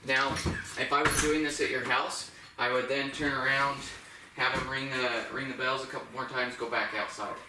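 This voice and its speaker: Calm man training a dog, echoey. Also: mid-range voice. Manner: calm, instructive, with brisk dog commands. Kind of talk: explaining dog training while working. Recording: echoey room, mic at a distance, noisy.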